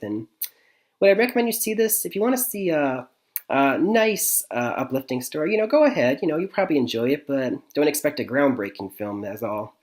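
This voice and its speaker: Guy from michigan doing movie reviews, rambly, lots of um and you know, chuckles a bunch. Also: mid-range voice. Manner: rambling, many fillers and restarts, frequent chuckles. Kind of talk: casual movie review vlog.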